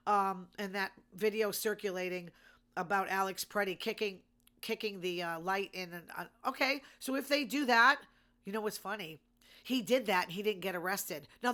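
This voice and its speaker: A woman talks through the news in a loose, casual commentary. She is indignant and sarcastic and keeps firing off rhetorical questions. Her voice sits at an ordinary middle pitch for a woman. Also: sharp tone. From Massachusetts. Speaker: host.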